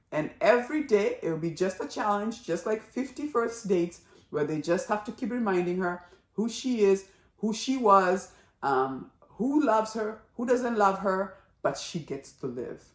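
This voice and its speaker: A woman giving a casual spoken review of a drama series, chatty and animated, acting out characters' lines as she goes. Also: mid-range voice, measured pace, echoey room.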